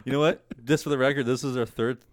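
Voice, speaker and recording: A man's voice: mid-range voice, steady tone, fast, no room sound, clean studio sound. A man on a casual film podcast, playfully chiming in on the conversation.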